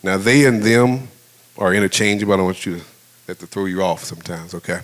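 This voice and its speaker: A middle-aged male pastor in the pulpit, talking to his congregation like old friends. His delivery is loose and animated, with sudden jumps up in pitch as he acts out the story, and he laughs often. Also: brisk. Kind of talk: storytelling sermon.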